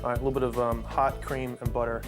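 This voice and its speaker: A man's voice: mid-range voice, flat delivery, fast. A man cooking and explaining in a laid-back, chatty demonstration. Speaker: chef. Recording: music under voice.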